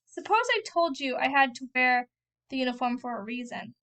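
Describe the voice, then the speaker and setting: A cocky young soldier and older brother, boastful and quick to snap, as a woman puts him on while reading a novel aloud. The voice stays fairly high and light. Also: expressive, a bit bright, clean tone.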